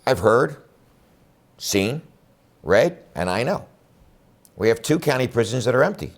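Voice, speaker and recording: A man's voice: medium pitch, very animated, a little slow. A man running for district attorney, speaking bluntly and emphatically in a campaign address. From Philadelphia area. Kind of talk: campaign speech to camera.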